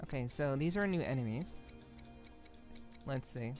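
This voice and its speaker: A woman's voice: rumbling low, expressive, measured pace, a little mellow, soft background music. A woman streaming a game, chatting casually and reading text aloud, rambling a bit with restarts. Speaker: VTuber streamer.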